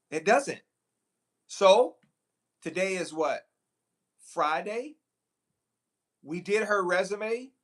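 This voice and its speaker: A man, a recruiter, talking live to viewers in a preachy, animated way, repeating phrases for emphasis. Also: fairly high pitch. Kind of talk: live stream talk to viewers.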